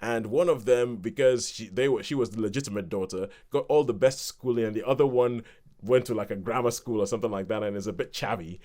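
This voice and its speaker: A man's voice: on the low side, fairly quick, a little mellow. A man co-hosting a podcast, chatting casually and rambling through a review with laughs between points. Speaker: podcast co-host.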